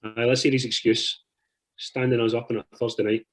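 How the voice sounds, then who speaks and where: Brash, husky man. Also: mid-range voice, little pitch movement, a little fast. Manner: sweary, brash. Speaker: podcast guest. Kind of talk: trash-talking banter.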